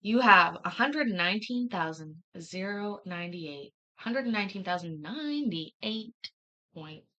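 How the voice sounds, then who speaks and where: A woman's voice: medium pitch, animated, measured pace, pushed and bright, muffled recording. A woman hosting a livestream, chatting casually with viewers and reacting to a court hearing, laughing and swearing freely. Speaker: livestream host.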